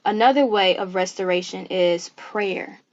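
A woman guest on a faith-based podcast, talking earnestly in an animated, preacherly way. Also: mid-range voice, a little slow, lo-fi sound.

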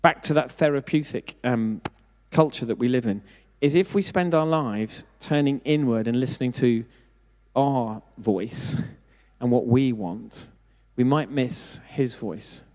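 A middle-aged man delivers a sermon in a relaxed, conversational way. He mixes in self-deprecating asides and asks the congregation questions. His voice sits at an ordinary pitch and carries a long reverb from the hall. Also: unhurried. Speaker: preacher.

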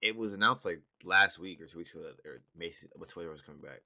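A man trading jabs in a loose, profane chat, animated and needling. His voice is bright and forward, and the sound is dry and close. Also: low-pitched, fast, gravelly, no room sound. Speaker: podcast co-host. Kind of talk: casual chat.

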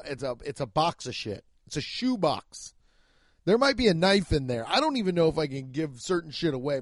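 A man's voice: mid-range voice, dry recording, studio quality. A man hosting a solo comedy podcast, ranting and rambling with heavy profanity. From United States. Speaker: podcast host.

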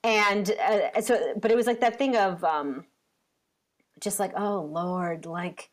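A woman's voice: mid-range voice, lively intonation, slow pace. A woman in her thirties, a podcast co-host and parent, chatting casually and telling a story with lots of fillers. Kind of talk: casual chat.

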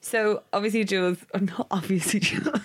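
A woman co-hosting a podcast, telling stories in a casual, animated way and swearing freely. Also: medium pitch, a little fast. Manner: animated storytelling, swears freely, acts out her inner voice. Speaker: podcast co-host. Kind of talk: casual chat.

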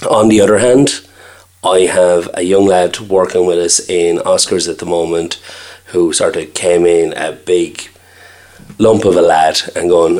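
Irish guy, chef, real low voice, chatty, does the voices in his stories. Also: fairly even intonation, normal speed, a little mellow. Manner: chatty storyteller, acts out quoted dialogue. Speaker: restaurant owner and chef. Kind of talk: casual interview chat.

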